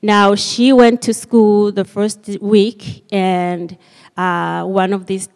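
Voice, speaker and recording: A woman gives a children's talk in church, slowly and hesitantly, with frequent fillers. Her pitch sits in the middle range. The hall adds a long, lingering reverb. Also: level tone, gravelly, darkish tone. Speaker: church member telling a story to children.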